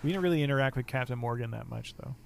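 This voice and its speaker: A man's voice: medium pitch, very fast, vocal fry, clean tone. A man co-hosting a podcast, recapping episodes in casual chat and acting out characters' lines with gusto. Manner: animated recapper who acts out characters' lines. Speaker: podcast co-host.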